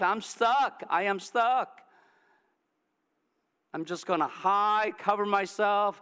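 A man's voice: high voice, sharp tone, clear, resonant tone, big-room sound, voice pushed up. A man putting on a weary, ashamed village woman. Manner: despairing, self-pitying, repeating herself. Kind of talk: sermon storytelling.

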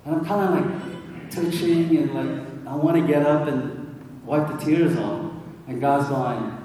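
A man's voice: a little high, measured pace, mellow, slight background noise. A man preaching a sermon in a casual storytelling way, full of fillers, in a large church hall. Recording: echoey hall from far off.

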